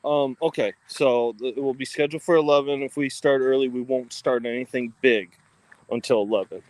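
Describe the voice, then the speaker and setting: A man's voice: mid-range voice, fairly even intonation, brisk, a little mellow, dry recording, rough recording. A man co-hosting a livestream, talking casually with lots of ums and restarts, recorded on a phone. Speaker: co-host of a ghost-hunting livestream.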